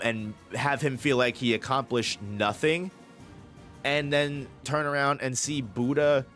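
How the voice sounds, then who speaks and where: A man's voice: medium pitch, a bit bright. A man giving casual, rambling commentary as a manga review YouTuber, swearing often and restarting his sentences. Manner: rambling, profane, enthusiastic with restarts.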